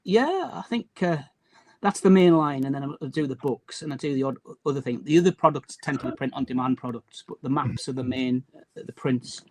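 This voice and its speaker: A man's voice: mid-range voice, a little fast, darkish tone. A man from County Durham with a mild Durham accent and a faint Teesside trace, chatting as a guest about his publishing work with many restarts. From County Durham, England. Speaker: guest, map and book publisher. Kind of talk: casual interview chat.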